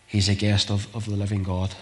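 A man preaching a sermon with passion, repeating phrases and swinging from urgent calls to hushed, near-whispered lines. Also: lowish voice, monotone, a little fast.

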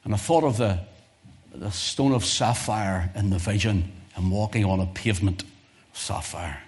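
A lower-pitched male preacher delivering a sermon. He talks in a homely, conversational way and repeats key phrases. Then his voice swells to loud, fervent climaxes before it drops back to quiet asides. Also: moderate pace.

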